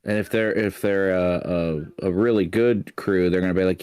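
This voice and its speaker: A man's voice: low-pitched, fairly even intonation, moderate pace, darkish tone, clear, resonant tone, no room sound. A man with a Texan accent, a former cop co-hosting a livestream, making wry joking remarks. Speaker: podcast co-host, former police officer. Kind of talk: casual livestream chat.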